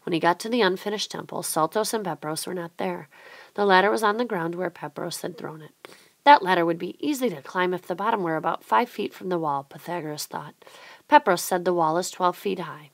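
Brief: woman narrating a children's book, lowish voice, dry close sound. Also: brisk, gravelly, dry recording. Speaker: storybook reader. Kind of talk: reading a children's book aloud.

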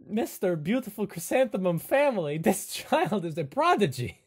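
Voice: medium pitch, very animated, moderate pace, slightly rough, pitched above the performer's own voice. A game master voicing an eccentric, overly cheerful male camp keeper in a tabletop game, with odd formal phrasing. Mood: ecstatic.

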